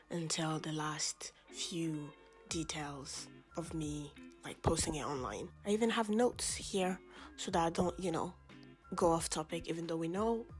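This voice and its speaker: A chatty young woman talks to her camera in a relaxed vlog, with a voice pitched a little low. She rambles, laughs at herself, and slips into soft half-whispered asides before bouncing back up. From family from Gambia, French-speaking background. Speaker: vlogger. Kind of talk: casual chat to camera.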